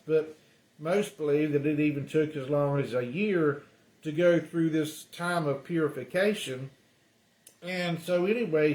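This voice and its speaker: A man preaching a sermon, telling the story in a loose conversational way with lots of ums and uhs. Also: a little high. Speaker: pastor. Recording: roomy echo.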